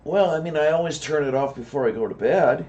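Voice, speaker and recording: A man co-hosting a casual chat, relaxed and rambling, with dry asides. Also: fairly high pitch, a little fast. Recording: dull lo-fi sound with faint noise.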